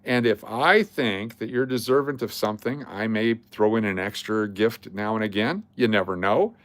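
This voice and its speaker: A man's voice: lowish voice, moderate pace, dry recording. A man hosting a casual livestream, talking to his chat in a blunt, joking, rambling way. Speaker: livestream host.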